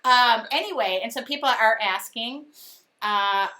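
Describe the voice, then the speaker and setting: Woman host, casual livestream chat, giggly, bright and a bit high. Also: a little slow. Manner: giggly, reads viewer comments aloud. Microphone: phone speakerphone call alongside.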